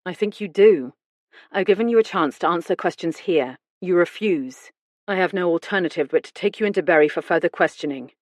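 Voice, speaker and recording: A woman voicing a male police detective who questions a suspect in a measured, insistent way. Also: fairly low pitch, expressive, no room sound, lightly acted. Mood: firm.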